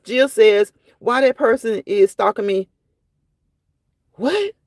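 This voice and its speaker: A woman's voice: mid-range voice, a little slow, a little mellow, no echo. A woman hosting a casual live stream, reading viewers' comments aloud and reacting to them in a chatty way that often repeats phrases.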